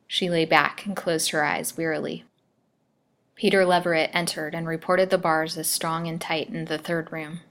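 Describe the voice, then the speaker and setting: A woman storyteller reading a melodramatic serial aloud with expressive delivery. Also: low-pitched, moderate pace. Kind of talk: scripted narration.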